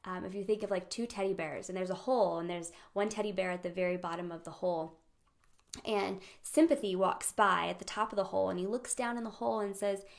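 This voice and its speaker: A young woman hosting a casual live-streamed talk on friendship, animated, laughing often and acting out quoted voices. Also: medium pitch, brisk, vocal fry. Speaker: host of a friendship training.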